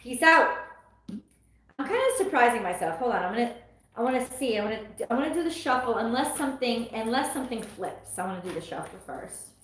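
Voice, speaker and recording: Chatty tarot reader in an echoey room. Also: female voice, fairly high pitch, lively intonation, brisk, a bit bright. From US East Coast. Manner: chatty, laughs often, exclaims at the cards. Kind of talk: casual live tarot reading.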